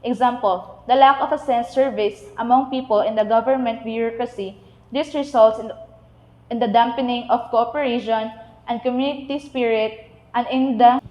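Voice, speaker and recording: Woman reading a lesson list aloud; slightly high voice, roomy echo. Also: darkish tone, highs cut off. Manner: reads a list item by item, with restarts on hard words. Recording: echoey room.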